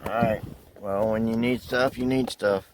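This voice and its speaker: A man's voice: fairly low pitch, steady tone, unhurried. Man ranting in his car. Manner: ranting, swears freely. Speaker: vlogger. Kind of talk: casual vlog while driving. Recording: car noise behind the voice.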